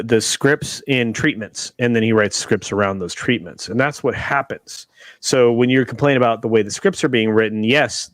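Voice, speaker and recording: The recording is dry as a man with a mid-range voice hosts a casual livestream over a video call, captured on his webcam. He talks with real emphasis, backing up to restart lines and inserting insistent side comments.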